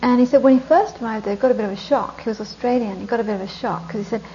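A woman's voice: on the high side, rapid-fire, dark tone, highs cut off, slight background noise. A woman teaching Buddhist meditation in an informal dharma talk, chatting conversationally, laughing often and asking rhetorical questions.

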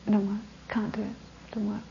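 A woman putting on a stubborn young guy who hammers the same blunt point over and over. His voice sits a little high. The recording is dull and muffled, with a faint hum of ambience behind it. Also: monotone, a little fast, gravelly. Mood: insistent. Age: young adult. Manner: repetitive, insistent, blunt. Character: defiant young man, stubborn and insistent.

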